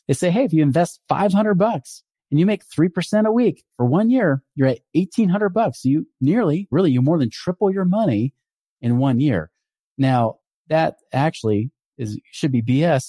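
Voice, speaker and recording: A man's voice: mid-range voice, dark tone, no room sound. A man giving a casual, skeptical explainer monologue about finance, talking in a conversational way with many asides. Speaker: financial commentator.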